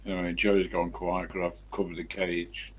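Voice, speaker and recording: Speaking at a moderate pace in a low, level voice, this East Midlands man from England rambles through anecdotes for his live-stream viewers from home. He leans away from his desk mic, and there's slight background noise.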